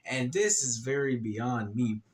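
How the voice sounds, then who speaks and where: Slow-talking man doing gaming commentary. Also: medium pitch, lively intonation. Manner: slow and deliberate, with frequent repeats. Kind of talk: casual commentary.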